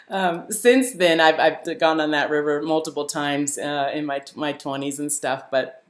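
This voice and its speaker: A woman hosting a live stream, telling a story to her viewers in a casual, animated way, laughing often and using many fillers. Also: fairly low pitch, normal speed. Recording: roomy echo.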